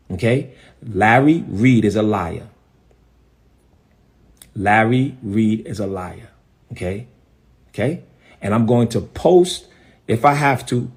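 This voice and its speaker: A man's voice: fairly low pitch, darkish tone. A middle-aged man, a bishop ranting defiantly on a live stream and repeating his phrases for emphasis. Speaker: bishop and preacher.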